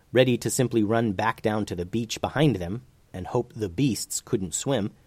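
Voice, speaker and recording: A man narrating a children's fantasy story in an expressive, animated way. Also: lowish voice, dry recording.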